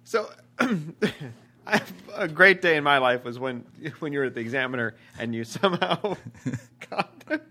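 A man's voice: on the high side, lively intonation, moderate pace, sharp tone. A man co-hosting a podcast, chatting casually in a dry, teasing way and laughing often. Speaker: podcast co-host. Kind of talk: casual chat.

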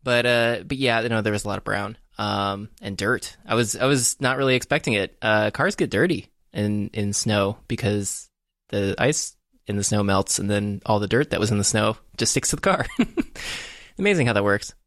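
A man's voice: on the low side, moderate pace, a bit bright, no room sound, clean studio sound. A man chatting casually on a podcast, rambling and wry, often chuckling between phrases. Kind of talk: casual chat.

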